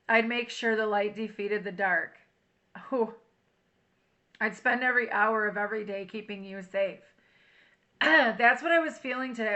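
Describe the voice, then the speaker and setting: A woman's voice: mid-range voice, pushed and bright. A woman doing a casual tarot reading to camera, chatty and emotional, reading song lyrics aloud. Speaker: tarot reader.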